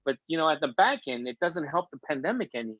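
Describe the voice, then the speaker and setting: A man's voice: a little high, big pitch swings, quick pace, no echo, lo-fi sound. A middle-aged man from Chicago, a guest in a casual interview, telling a family story with feeling and acting out what people said. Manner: emotional, chatty storyteller acting out quotes.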